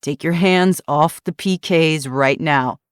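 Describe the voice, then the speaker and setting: A woman's voice: sits low, unhurried, clean tone, no echo, studio quality. A woman narrator voicing a tense, determined young man holding others at gunpoint, speaking in clipped, threatening commands.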